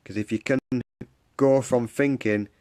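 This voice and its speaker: A man hosts a support group's live stream, delivering an earnest, repetitive pep talk and responding to viewers' comments. His medium-pitched voice is steady, a little slow and a little mellow, picked up by a phone or webcam.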